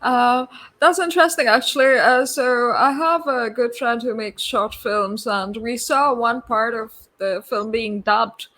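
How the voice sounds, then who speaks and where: A woman hosting a casual interview, asking questions in a thoughtful, measured way. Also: on the high side, a bit bright. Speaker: talk show host.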